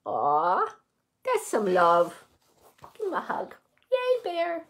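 A woman reading a picture book aloud to young children, gentle and expressive, stopping to comment on the pictures and ask the kids questions. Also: fairly low pitch, takes it slowly, slightly rough. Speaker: children's story reader.

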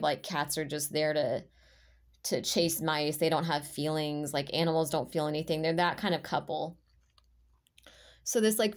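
A woman giving an intuitive tarot reading to her viewers, talking in a rambling, heartfelt way with many halting restarts. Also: on the low side, darkish tone. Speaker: tarot reader.

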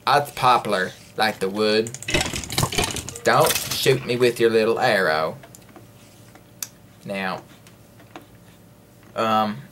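With a medium-pitched, fairly bright voice and a bit of background noise, a man plays a video game and rambles jokingly to himself and his viewers. The casual let's-play host slips into playful singing now and then.

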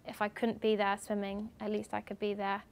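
Animated young woman telling stories to students. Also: mid-range voice, fairly quick, gravelly, clear, resonant tone. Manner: animated storytelling, acting out others' lines. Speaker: guest speaker. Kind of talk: lively talk to students. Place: university lecture room.

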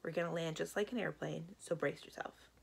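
A woman's voice: deep voice, steady tone, fairly quick, vocal fry, slightly rough, full character voice. A woman voicing a stern, capable older woman in a storybook, speaking bluntly and matter-of-factly.

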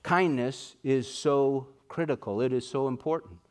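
A pastor preaching a sermon earnestly, slowing down to stress key words. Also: male voice, mid-range voice.

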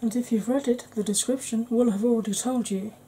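A woman hosting a makeup tutorial, chatting in a rambling, conversational way and sometimes dropping into a soft whisper. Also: a little high, steady tone, fairly quick, husky, low-quality recording. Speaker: beauty channel host.

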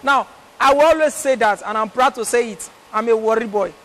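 A man's voice: very high-pitched, a little fast. A young man with a Nigerian Pidgin accent doing chatty, teasing live stand-up comedy, telling stories. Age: young adult. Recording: loud live crowd and noisy venue.

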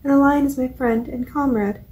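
A brave, polite young girl, as a woman reads her aloud from a storybook. She speaks earnestly and courteously in a mellow, fairly high voice. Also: fairly even intonation, normal speed, close to an everyday voice, rough recording.

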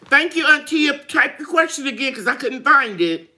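A woman's voice: sits high, lively intonation, moderate pace, bright, forceful tone. A middle-aged woman, hosting a gardening live chat in a chatty way, reading out viewer comments and laughing often. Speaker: gardening channel host.

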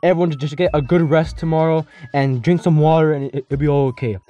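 A young man voicing a calm adult male volleyball coach giving matter-of-fact instructions. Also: fairly high pitch, a little fast, lo-fi sound, lightly acted. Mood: instructing.

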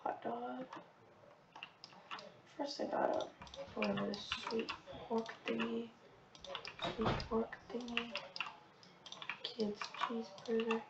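A woman giving casual, rushed commentary on her own gameplay, talking to herself and shouting sudden orders at the game. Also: on the high side, vocal fry, very noisy. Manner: rushed, excitable self-talk, muttering orders, sudden shouts. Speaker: gamer commenting on own play. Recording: roomy, dull, distant mic with keyboard clicks. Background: keyboard typing and mouse clicking.

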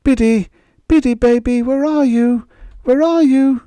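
A man's voice: mid-range voice, big pitch swings, unhurried, warm tone, no echo, pitched above the performer's own voice. A man voicing an anxious young ranch wife who pleads urgently, in an audiobook reading. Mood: frantic.

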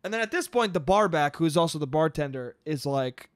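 A man with a high voice tells a story on his own podcast, cursing casually and wandering off track. He laughs at his own lines. The sound is dry and close. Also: animated, a little fast, no echo. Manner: rambling, profane, laughs at his own stories. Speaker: podcast host.

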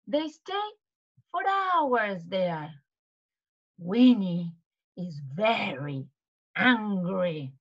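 A woman teaching to children, retelling a storybook in an animated way, with gasps and questions to the kids. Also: medium pitch, drawn-out words, pauses often, lo-fi sound.

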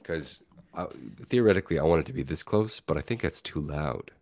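Podcast host, male, deep rumbling voice, animated delivery, relaxed and rambling. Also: brisk. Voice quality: deep voice like a bear. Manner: laid-back, rambling, lots of filler words. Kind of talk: casual chat.

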